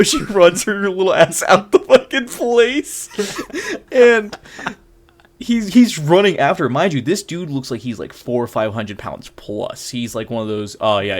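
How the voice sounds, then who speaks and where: A young man co-hosting a podcast, telling a story in a casual, animated way, laughing often and acting out the people in it. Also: on the high side. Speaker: podcast co-host.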